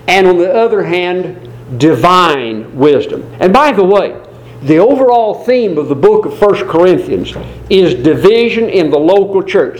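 A man preaching a sermon in a folksy, digressive way, slowing down to stress key words and adding asides and small jokes. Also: high voice, darkish tone, rough recording.

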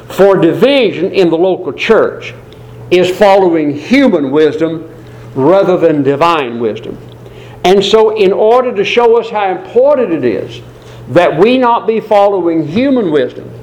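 A man preaching a sermon in a folksy, digressive way, slowing down to stress key words and adding asides and small jokes. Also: high voice, darkish tone, poor audio.

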